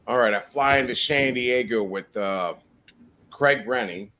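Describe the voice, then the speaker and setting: A podcast guest casually tells rambling, profane anecdotes, laughing as he goes. His mid-range voice is a little slow, bright and forceful, with a little hiss or hum in the audio.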